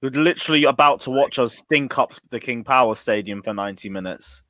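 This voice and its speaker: A man's voice: mid-range voice, fairly quick, a bit bright, no echo. A young man chatting as a fan pundit on a live stream, upbeat and matter-of-fact.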